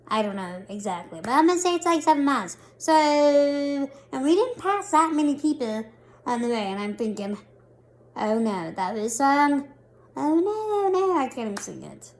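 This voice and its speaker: A woman vlogger in her thirties, telling a story in a casual, animated and self-mocking way. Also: high-pitched.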